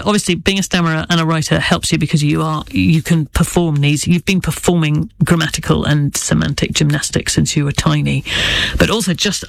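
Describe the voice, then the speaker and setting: A woman's voice: sits low, creaky, no echo. A middle-aged woman author speaking candidly and thoughtfully in an interview, with occasional stammers and restarts. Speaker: author guest. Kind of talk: reflective interview talk.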